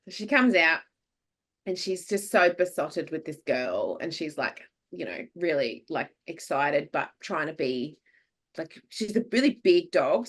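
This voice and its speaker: An Australian woman hosts a podcast in a relaxed, chatty way, her voice sitting a little low. She tells stories with energy, acts out other people's words and laughs easily. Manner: lively anecdotes, acts out what people said, laughs often. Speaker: podcast host. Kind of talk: casual chat, animated storytelling.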